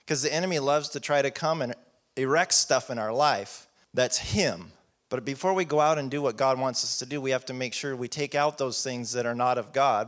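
A man's voice: mid-range voice, a bit bright. A man preaching a sermon in a casual, conversational way, reading scripture and acting out prayers.

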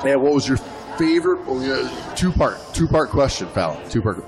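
A man's voice: mid-range voice, very animated. A man co-hosting a podcast interview, talking casually with a teasing, joking manner and stretched-out words. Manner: jokey, teasing, drawn-out words. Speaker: podcast co-host. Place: live event booth at a film festival.

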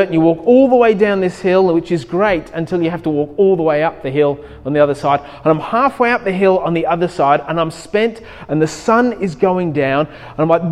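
A man preaching a sermon, telling a personal story in an animated way and acting out his own thoughts. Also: on the high side. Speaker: pastor. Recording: long hall reverb.

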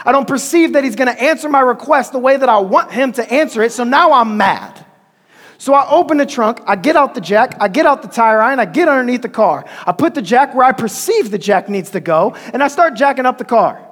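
Pastor, male, very high voice, chatty storytelling sermon, long church-hall reverb. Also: lively intonation, a little fast, a bit bright. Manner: storytelling, conversational preaching with call-and-response. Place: church sanctuary.

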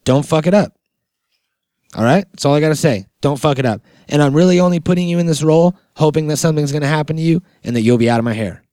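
A man hosting a comedy podcast, rambling in casual chat and deadpan mock-boss banter. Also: fairly high pitch, fast, dry recording, studio quality. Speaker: podcast host.

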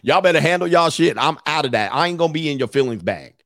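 Quick and animated, this life coach has a fairly high, somewhat bright voice as he rants bluntly with profanity on his livestream. He laughs, repeats phrases, and responds to super chats, and the audio is clean studio sound with no room sound.

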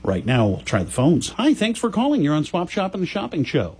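Lively-voiced radio call-in host. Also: male voice, on the high side, brisk. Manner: folksy, stammers when flustered. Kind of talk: casual call-in radio chat.

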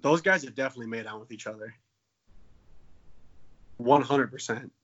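Bright-voiced man in his twenties, joking. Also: medium pitch, moderate pace, lo-fi sound. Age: 20s. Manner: jokey, profane, playful. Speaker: podcast co-host. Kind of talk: casual comedic chat.

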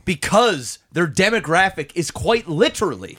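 A man co-hosting a gaming podcast, talking casually, with profane, excitable banter. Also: high-pitched, normal speed, dry recording, clean studio sound. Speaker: podcast co-host. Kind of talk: casual chat.

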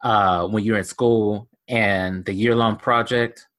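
A man co-hosting a casual fan podcast, relaxed and hesitant, with frequent fillers. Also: on the low side, takes it slowly. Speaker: podcast co-host.

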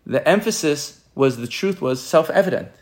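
A man's voice: fairly high pitch, lively intonation, normal speed. A man giving an informal Torah class, rambling and often restarting and repeating his words. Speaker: Torah teacher.

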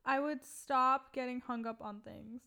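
A woman's voice: sits high, fairly even intonation, unhurried, creaky, sharp tone, clear, resonant tone. A young woman in casual chat, blunt and opinionated, swearing casually.

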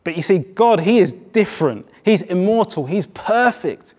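A man from England preaching a sermon in a church, conversational and emphatic, with pauses for effect. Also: high voice, expressive, a little mellow. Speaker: pastor.

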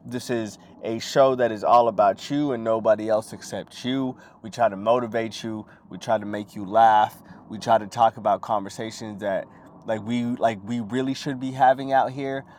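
A young man hosting his own talk show, rambling and swearing as he riffs, breaking into quick impressions. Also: fairly low pitch, a little hiss or hum. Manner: profane, rambling, animated impressions. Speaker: podcast host. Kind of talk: crude comedic monologue.

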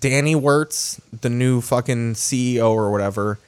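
A man's voice: medium pitch, normal speed, clear, resonant tone. A man with a Chicago accent co-hosting a podcast in blunt, profane casual chat. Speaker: podcast co-host.

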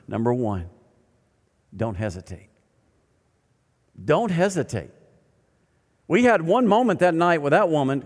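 Older man preaching in a reverberant hall. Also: fairly high pitch. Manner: animated preaching, dropping to quiet emphasis. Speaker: pastor. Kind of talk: sermon. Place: church sanctuary. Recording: long reverb of a large hall.

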